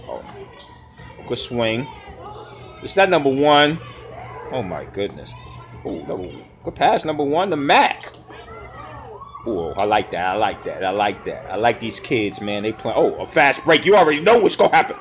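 Excitable male YouTuber, slangy reaction commentary, very animated pitch. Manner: excitable, hollers and laughs at big plays; casual slangy talk. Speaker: YouTuber reacting to basketball highlights.

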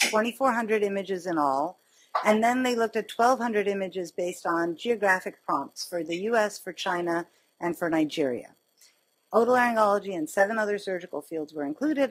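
Husky-voiced middle-aged woman lecturing. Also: medium pitch. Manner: chatty, self-mocking anecdotes with quick wit. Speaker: physician giving a lecture. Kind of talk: conversational medical lecture.

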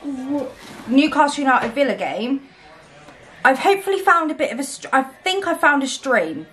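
A woman's voice: high-pitched, very animated, normal speed, a bit bright. A British woman vlogging casually to camera, blunt, self-mocking and swearing constantly. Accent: British English. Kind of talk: casual vlog chat to camera.

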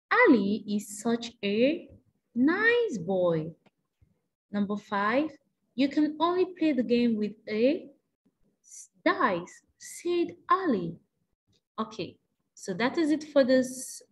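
A woman teacher taking young pupils through an exam revision lesson, asking patient prompting questions in a sing-song way. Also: a little high.

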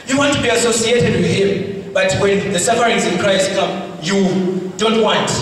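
A male preacher giving a fervent sermon, moving from shouted rebukes to hushed storytelling. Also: sits high, unhurried, noisy background. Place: large hall. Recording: echoey hall, mic far off, faint ambience.

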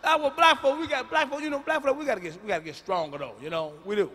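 A man doing a live stand-up routine with loud, emphatic storytelling that drops to hushed asides. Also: extremely high pitch, steady tone, fast. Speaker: stand-up comedian. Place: large live venue.

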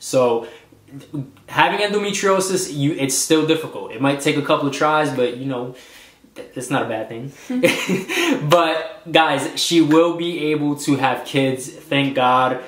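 A man's voice: a little high, a little slow, fairly bright tone. A man co-hosting a couple's vlog, talking in an earnest, emotional and rambling way. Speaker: vlog co-host. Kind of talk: casual couple vlog chat. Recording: echoey room.

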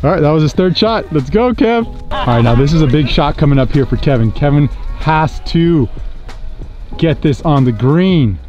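An excitable young man commentates on golf with a lot of play in his voice. His pitch swings widely as he hushes down for putts and rises again. Music runs underneath him. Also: brisk, highs cut off. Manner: excitable, hushes to a whisper before shots. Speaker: golf channel host and commentator. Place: outdoors on a golf course.

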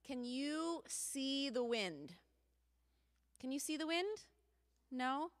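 Animated woman telling a children's sermon. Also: sits high, takes it slowly. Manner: animated, asks the children questions. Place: church sanctuary. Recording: long church reverb.

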